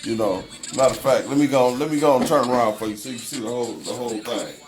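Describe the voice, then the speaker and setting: A man's voice: mid-range voice, fast talker. A man hosting a casual livestream, greeting viewers by name and talking over the news in a loose, conversational way. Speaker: livestream host.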